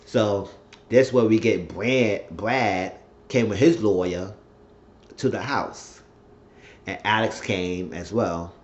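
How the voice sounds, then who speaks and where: A man with a fairly low voice recaps a TV episode in a loose, chatty way, building up animation as he retells the scenes. The recording sounds dull and lo-fi. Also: takes it slowly, pauses often. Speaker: TV show recap vlogger.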